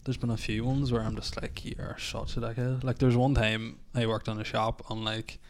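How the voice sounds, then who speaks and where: A young man in casual chat, relaxed and sweary. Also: fairly low pitch, a little fast.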